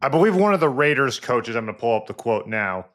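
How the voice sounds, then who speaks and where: A man's voice: medium pitch, sing-song, fast, fairly bright tone. A man, the show's producer, giving brief, matter-of-fact replies in casual chat. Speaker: show producer.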